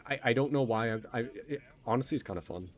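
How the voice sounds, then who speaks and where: A man's voice: mid-range voice, fast, slight background noise. A young man from Texas streaming a game, chatting casually in a rambling, self-deprecating way. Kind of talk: casual gaming stream chat.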